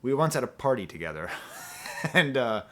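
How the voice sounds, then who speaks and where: A man's voice: mid-range voice, big pitch swings, moderate pace, sharp tone. A middle-aged man from the US East Coast giving a casual album review, rambling through jokes and humming the melodies. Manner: rambling, joking asides, hums melodies. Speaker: music reviewer.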